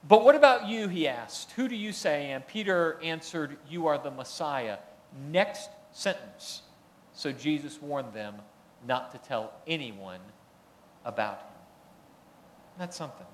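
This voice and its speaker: Man preaching with lively emphasis. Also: a little high. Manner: conversational preaching, rising emphasis on key points. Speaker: pastor. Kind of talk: sermon.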